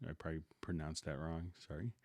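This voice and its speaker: A middle-aged man hosting a live software tutorial stream in a relaxed, unhurried way, greeting viewers by name before he demonstrates. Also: very deep voice, no echo, studio quality.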